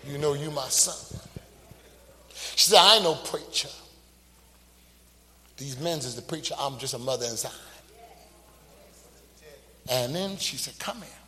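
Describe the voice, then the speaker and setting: A man voicing an elderly church mother who speaks softly and knowingly, dropping to a whisper, in a reverberant hall. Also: expressive, measured pace, pauses often. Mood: hushed. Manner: low hushed murmur, whispering at times.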